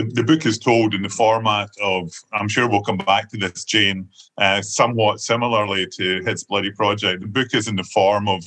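Scottish guy on a video call, bit low, bright edgy tone, keeps restarting his sentences. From Scotland. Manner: hesitant, frequent restarts, chatty. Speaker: author guest. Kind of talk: conversational book talk.

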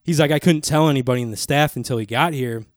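A fast-talking young man with a mid-range voice co-hosts a podcast from a small studio using a studio mic, with clean sound and no room sound. He spins a long, wandering anecdote in casual conversation, cursing often and imitating what others told him.

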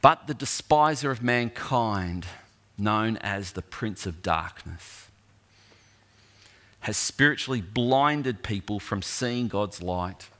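A middle-aged man delivers a sermon in a fairly low voice. He tells the story slowly, then builds in intensity, leaning on long pauses for weight. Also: fairly bright tone. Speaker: preacher.

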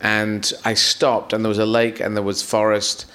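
A man, a comedian guest on a live podcast, telling rambling, animated stories full of acted-out quotes and swearing. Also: fairly low pitch, moderate pace.

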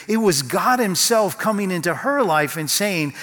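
A man preaching a sermon as pastor, telling a story with slow, dramatic pauses. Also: high voice, expressive, a bit bright. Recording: long hall reverb.

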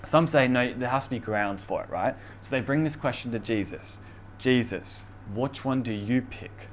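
A man's voice: mid-range voice, normal speed. A man preaching a casual sermon, who reads scripture aloud with emphasis and laughs often, over faint room noise. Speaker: pastor.

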